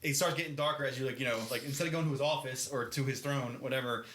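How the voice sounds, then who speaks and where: A man's voice: mid-range voice, fairly even intonation, fast, a bit bright. A man co-hosting a podcast, recapping a book in loose, rambling casual chat, swearing and laughing often. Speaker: podcast co-host. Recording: echoey room.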